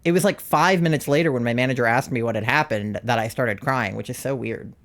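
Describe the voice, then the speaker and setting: A young adult streamer recounts a story to chat from a home setup on a desk mic. The delivery is loose and chatty, full of "like" and quick laughs. The pitch sits right in the middle. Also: a bit bright. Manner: chatty, heavy use of "like", frequent laughter. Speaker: live streamer.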